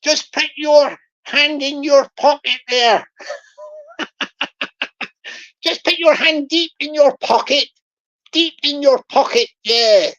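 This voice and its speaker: Woman putting on a wheedling scammer farmer. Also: sits high. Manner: sing-song, repeats pleas over and over. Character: wheedling male West Country scammer farmer begging money. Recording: dull lo-fi recording.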